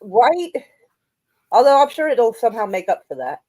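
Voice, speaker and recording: A woman's voice: fairly high pitch, big pitch swings, moderate pace, darkish tone, breathy edge, no echo. A woman hosting a casual live stream, rambling offhand and swearing now and then. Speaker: streamer host.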